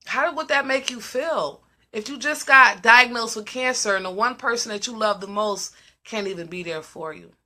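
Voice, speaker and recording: Emphatic woman with a bright, ringing voice. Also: mid-range voice. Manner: emphatic, repeats questions. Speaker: host of a live discussion. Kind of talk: casual live-stream talk.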